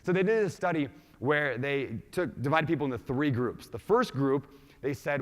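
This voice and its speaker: A man with an accent mixing Minnesota, Washington and Hawaii gives an energetic keynote talk, quizzing the audience with questions. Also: on the high side, moderate pace. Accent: mixed Minnesota, Washington and Hawaii. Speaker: conference speaker. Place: large conference hall. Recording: reverberant conference hall.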